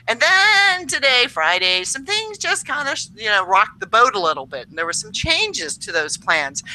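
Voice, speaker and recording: A woman's voice: mid-range voice, sharp tone, low-quality recording. A woman co-hosting a casual astrology show, reading tarot cards in a chatty, upbeat way with lots of fillers. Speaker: tarot reader co-host.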